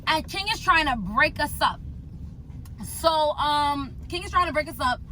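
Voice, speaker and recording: A young woman tells a storytime vlog, her voice high and bright. She talks in an animated, slangy way and repeats lines for emphasis. A faint hum sits behind her. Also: a little slow, low-quality recording. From United States. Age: young adult. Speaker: vlogger.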